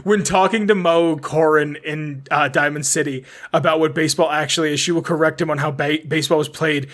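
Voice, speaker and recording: Male podcast host, slightly high voice, reads notes loosely, trips over words. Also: steady tone, brisk, fairly bright tone. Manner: reads notes aloud, tripping and correcting words. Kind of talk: casual podcast lore reading.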